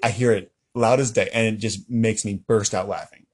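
A man's voice: lowish voice, fairly even intonation, normal speed, breathy edge. A young man co-hosting a podcast, telling a rambling story in casual chat, often laughing and correcting himself. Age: young adult. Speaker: podcast co-host.

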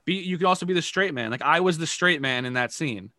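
Male improv teacher, casual, rambling explainer; bright forceful tone, dry recording. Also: on the high side, quick pace, no room sound. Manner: rambling explanations, many restarts. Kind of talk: casual improv practice chat.

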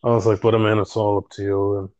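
A young man with a fairly low voice chats casually and relives his stories by acting out who said what, cursing and laughing freely. He is recorded close up in a dead, dry space with no room sound. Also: level tone, fast, darkish tone, no room sound, muffled recording. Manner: retells stories with lots of reported dialogue, swears, laughs often. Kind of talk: casual chat.

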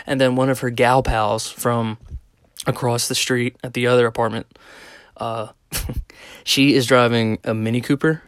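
A man hosting a podcast who tells a rambling story, cursing freely and chuckling along the way. His voice sits at a middle pitch, and the sound is dry and close with no room echo. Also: little pitch movement, unhurried, pauses often, a bit bright. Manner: profane, laughing, rambling. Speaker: podcast host. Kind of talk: casual storytelling.

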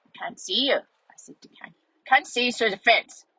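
A woman voicing a cheerful, chatty young female schnauzer dog, telling a story with a childlike, rambling, playful manner and a breathy voice. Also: fairly high pitch, fairly quick, sharp tone, no room sound, full character voice, rough recording. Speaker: vlog narrator in character. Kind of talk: storytelling in character.

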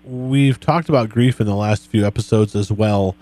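A man hosting a podcast interview, talking in a relaxed, friendly way as he asks his guest questions. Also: lowish voice, moderate pace, no echo. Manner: relaxed, friendly, reads quotes back to the guest. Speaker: podcast host. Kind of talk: conversational interview.

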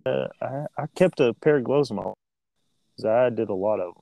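A man in his twenties co-hosting a podcast, talking in a relaxed, halting way with many restarts. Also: mid-range voice, vocal fry, no echo. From Midwestern United States. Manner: relaxed, halting, repeats words. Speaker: podcast co-host. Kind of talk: casual chat. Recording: dry close sound.

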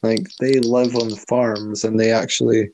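A man's voice: medium pitch, little pitch movement, measured pace, darkish tone, a little hiss or hum. A young man chatting casually as a podcast co-host, rambling and hesitant, laughing often. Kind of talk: casual chat.

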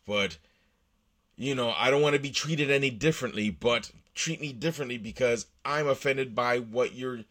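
A man's voice: medium pitch, a bit bright. Rambling, profane man talking solo. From United States. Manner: rambling, profane, with frequent restarts. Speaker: podcast host. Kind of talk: casual solo monologue.

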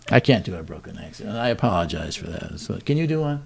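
A man's voice: deep voice, sing-song, quick pace, vocal fry, few pauses, slightly rough. A man hosting a comedy talk show, reading joke headlines and bantering in a dry, wry way. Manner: dry, wry delivery with chuckles.

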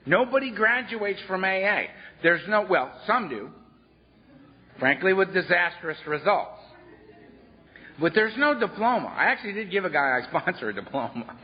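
Blunt male workshop speaker, animated salty storytelling, higher voice, dull lo-fi workshop tape. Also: measured pace. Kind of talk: storytelling talk. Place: workshop room.

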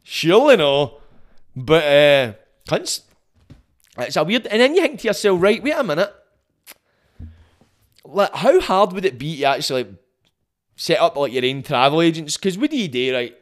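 Glaswegian male podcast host, sweary rambling comic monologue, slightly high voice. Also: very animated. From Scotland. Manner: sweary, rambling, mimics people in quick asides.

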